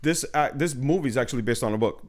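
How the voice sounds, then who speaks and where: Fast and medium-pitched with a darkish tone, another New York podcast co-host rambles through a movie review. His casual talk is packed with fillers and easygoing profanity.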